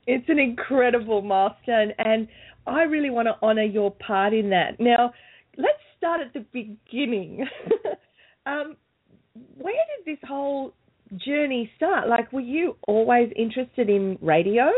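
A woman's voice: a little high, animated, a little slow, husky. A woman hosting an interview, asking long questions and praising her guest. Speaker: host. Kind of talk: casual interview chat. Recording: tinny phone line.

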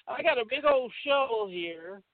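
A podcast co-host talking about old films in a blunt, joking way, swearing often. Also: mid-range voice. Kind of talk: casual film chat. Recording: thin phone-like audio, dry.

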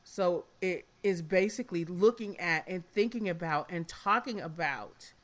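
This is a frank, blunt woman in her fifties hosting a casual podcast chat. Her voice sits a little low. She swears freely and sounds emotional, close to tears. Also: measured pace. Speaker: podcast host.

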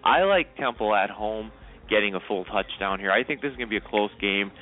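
A man's voice: lowish voice, animated, brisk. A man co-hosting a sports talk show, giving his picks in a chatty, hedging way. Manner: talkative, hedging with "I mean" and "you know". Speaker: co-host making picks. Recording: phone-like call-in line.

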